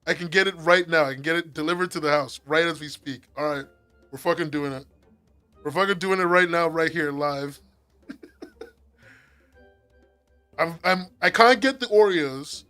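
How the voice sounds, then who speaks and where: Excitable English guy streaming, swearing. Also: on the high side, moderate pace, pauses often, faint music behind. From England. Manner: excitable, swears a lot, laughs often. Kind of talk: casual live-stream chat with viewers. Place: at home.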